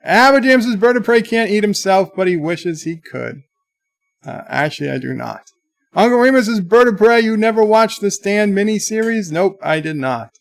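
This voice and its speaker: A man hosting a livestream, reading viewer chat comments aloud in a chatty, halting way. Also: high voice, lively intonation, vocal fry, soft background music. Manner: chatty, halting, with many restarts. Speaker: livestream host.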